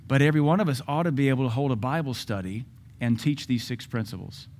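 A man's voice: medium pitch, quick pace, darkish tone. A man preaching a sermon as pastor at a church service, emphatic and repeating key phrases.

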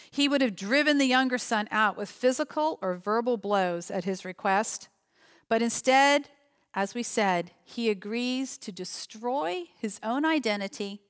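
Woman, preacher, sermon, reflective, asks questions, somewhat high voice. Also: a bit bright. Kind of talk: sermon on a parable.

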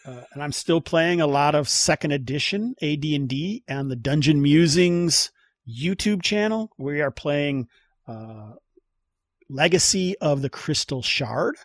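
A man's voice: fairly high pitch, a little slow, no room sound. A man hosting a casual podcast chat about tabletop games, rambling with many fillers and restarts. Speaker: podcast host.

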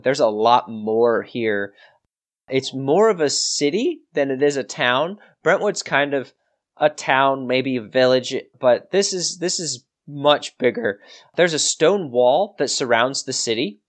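A man running a tabletop game, describing scenes in a loose, rambling way full of fillers and restarts. His voice sits in an ordinary middle range. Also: mid-range voice. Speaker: game master.

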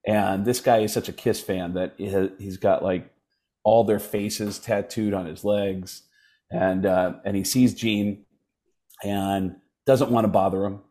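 A man who is a comedian guest, telling animated stories and switching into voices for the people he quotes. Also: lowish voice. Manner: lively anecdotes with quick voice switches for quoted people. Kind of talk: animated storytelling chat.

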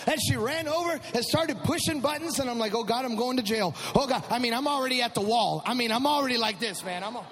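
A man preaching a sermon testimony, swinging from hushed prayer to loud, impassioned shouting. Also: extremely high pitch, fairly quick, big-room sound, a crowd in the background, low-quality recording. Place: church.

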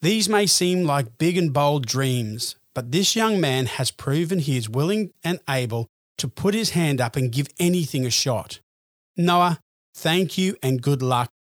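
A man hosting a podcast, reading a scripted narration in an earnest, measured way. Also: a little high, expressive, dry recording, studio quality. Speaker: podcast host.

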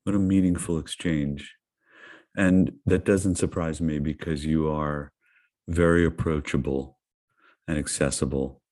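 A man interviewing a guest, affirming her with slow, measured praise. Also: extremely low pitch, steady tone, a little mellow. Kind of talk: conversational interview.

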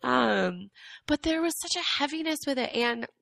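A woman's voice: sits high, expressive, normal speed, vocal fry, a bit bright, no echo. A young adult woman telling her story reflectively in a casual podcast chat, her voice cracking from allergies. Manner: reflective, earnest storytelling with many fillers. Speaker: guest. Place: Atlanta.

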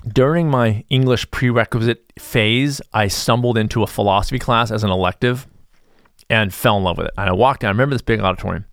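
A man's voice: fairly low pitch, fairly quick, no room sound, studio quality. Sarcastic, rambling male podcast host. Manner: rambling, sarcastic, self-interrupting. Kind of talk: casual podcast monologue.

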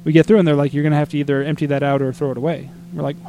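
A man from Arizona telling a travel story in casual podcast chat, exasperated and animated, acting out what people said. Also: on the high side, racing, a little hiss or hum.

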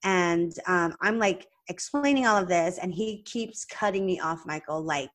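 A woman hosting a podcast, chatting casually and retelling a tense phone call with animated, lively delivery and plenty of "like"s. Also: lowish voice, normal speed. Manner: chatty, many "like"s and restarts. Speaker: podcast host and practice owner. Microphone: podcast microphone.

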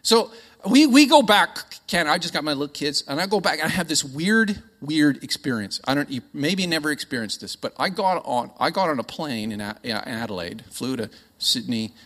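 A middle-aged Canadian man preaching a sermon in a chatty, joking, animated storytelling way. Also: a little high, normal speed. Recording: echoey hall.

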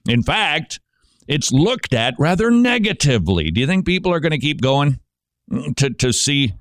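A man hosting a Christian radio show, giving sarcastic commentary and breaking into mocking shouted impressions. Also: mid-range voice, very animated, a little slow, no room sound, studio quality.

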